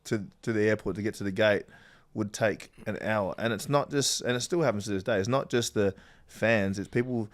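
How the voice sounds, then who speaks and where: A man's voice: fairly low pitch, a little fast, hardly any pauses. An Australian man from Western Australia, a footballer guest telling stories in casual chat and laughing often. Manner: chatty storyteller, laughs often.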